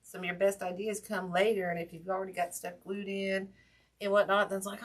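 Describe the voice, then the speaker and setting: A woman's voice: mid-range voice, fairly even intonation, fairly quick. A woman hosting a casual wreath-making livestream, folksy and chatty with lots of ums, greeting viewers by name while her hurt hand aches.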